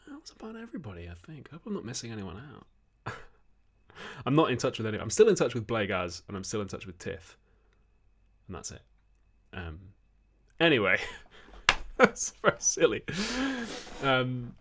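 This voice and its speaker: A man's voice: lowish voice, very animated, normal speed, fairly bright tone. Rambling, chatty man. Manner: rambling, chatty, laughs often. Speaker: host. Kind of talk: livestream chat, reading viewer questions.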